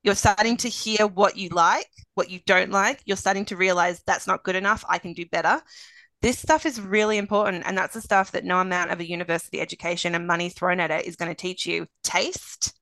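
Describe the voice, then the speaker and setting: A woman's voice: lowish voice, steady tone, brisk, fairly bright tone, no room sound, poor audio. Encouraging Australian woman, dry close sound. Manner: earnest and encouraging, repeats phrases for emphasis. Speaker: guest author and literary agent. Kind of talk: podcast interview.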